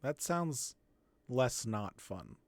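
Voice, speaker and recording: A man voicing a shy young boy who loves spiders, talking softly and hesitantly with many stammers. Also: mid-range voice, big pitch swings, extremely slow, no echo, heavily acted.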